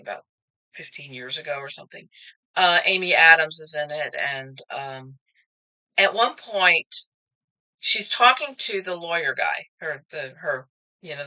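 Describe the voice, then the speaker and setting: Bright-toned woman musing through a tarot reading. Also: medium pitch. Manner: musing, rambling, with frequent restarts. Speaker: tarot card reader. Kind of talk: casual spoken tarot reading. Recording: dull lo-fi recording.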